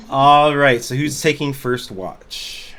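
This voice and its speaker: A man running a fantasy tabletop session over an online call. He talks slowly and unhurriedly, his pitch rising and falling in a lively way, and his narration is loose and full of filler words. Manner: casual, filler-heavy narration. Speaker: game master. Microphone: computer mic on a voice call.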